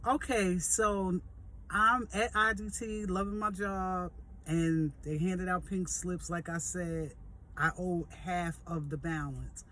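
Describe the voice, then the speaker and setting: A woman in her fifties, a vlog host, telling a personal testimony in a lively, jokey, conversational way and speaking straight to her listeners. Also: lowish voice, takes it slowly, a little hiss or hum. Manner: animated, jokey storyteller who acts out quoted voices; conversational, addresses listeners directly. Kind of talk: storytelling testimony.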